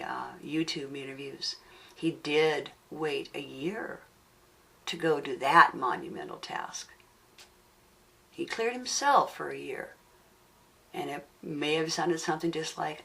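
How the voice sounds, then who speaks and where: A woman's voice: sits low, measured pace, vocal fry, a bit bright. A woman teaching on an audio CD, telling a story earnestly and stressing and repeating key words. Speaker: spiritual teacher. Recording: distant mic with music underneath.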